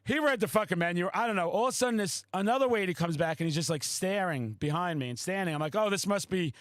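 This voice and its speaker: A man hosting a podcast, a loud, excitable storyteller who swears often in casual chat. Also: high voice, quick pace, dry recording. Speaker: podcast host.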